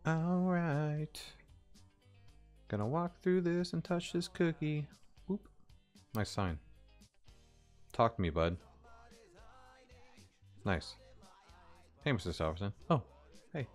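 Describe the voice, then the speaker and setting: A man developing a game on a live stream, talking to himself and swearing casually, his voice a bit hoarse. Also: on the high side, expressive, slow, pauses often, soft background music.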